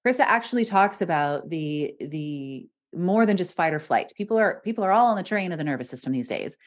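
A woman's voice: fairly low pitch, lively intonation, brisk. A woman hosting a podcast as a voice coach, talking animatedly and laughing often between points. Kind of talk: casual podcast conversation.

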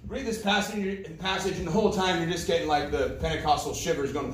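Higher-voiced male pastor in roomy hall. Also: normal speed, slight background noise. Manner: animated, joking asides with laughter, congregation address. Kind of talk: sermon with scripture reading and prayer. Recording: roomy sound from a distance, faint ambience.

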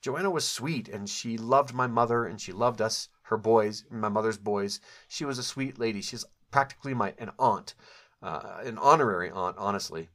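A middle-aged man with a fairly low voice recounts a memory from his own life. He speaks in a reflective, candid way, pausing on fillers and correcting himself as he goes. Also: fairly bright tone. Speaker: author telling his own story. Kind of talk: personal storytelling, memoir recollection.

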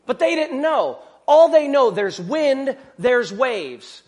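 High-voiced man preaching a casual sermon. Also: sing-song, slow. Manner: conversational, with rhetorical questions and joking asides. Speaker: pastor.

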